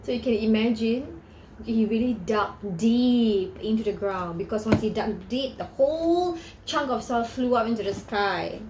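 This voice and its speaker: A woman reading a picture book aloud to children, animated and asking her listeners questions. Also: a little high, normal speed, roomy sound, noisy background. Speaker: storyteller for children.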